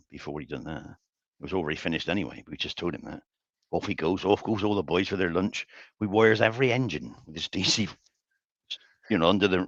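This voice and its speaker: An older man chats through a long story on a live woodturning stream, his lowish voice bright and forceful. He rambles, restarts sentences and chuckles along the way. The sound is dry and a little dull, like lo-fi stream audio. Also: no echo. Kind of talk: casual storytelling while working. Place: home workshop.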